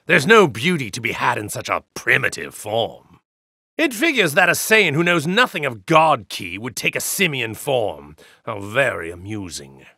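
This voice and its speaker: A sneering, gravelly evil god. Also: male voice, medium pitch, very animated, normal speed, sharp tone, dry recording, studio quality, exaggerated voice. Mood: contemptuous. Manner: haughty, contemptuous, grandiose. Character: arrogant evil god in a hero's body, male. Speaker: video game character. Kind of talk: game voice lines.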